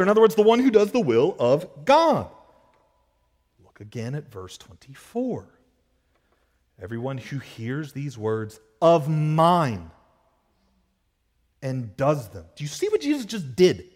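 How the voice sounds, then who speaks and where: Male pastor, fairly high voice, emphatic sermon delivery that drops to a hush, long hall reverb. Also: big pitch swings, slow, long pauses. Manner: emphatic, repetitive, rhetorical questions, swings between loud and hushed. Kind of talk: expository sermon.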